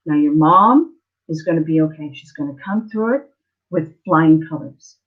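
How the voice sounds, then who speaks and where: A woman's voice: low voice, animated, moderate pace, phone-quality sound. A woman giving a live online tarot reading, earnest and emotional, often checking in with the listener. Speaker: tarot reader.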